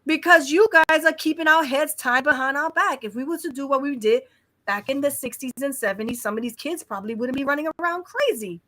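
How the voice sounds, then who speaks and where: A woman's voice: high-pitched, a little fast, a bit bright. A woman hosting a casual late-night chat, blunt and outspoken. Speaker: host.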